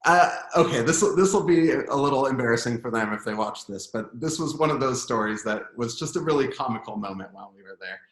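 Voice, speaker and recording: A man in his thirties, a guest musician, telling stories in a casual interview, animated and chuckling, with many fillers. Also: medium pitch, fast talker, hardly any pauses. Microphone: video call. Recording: roomy echo.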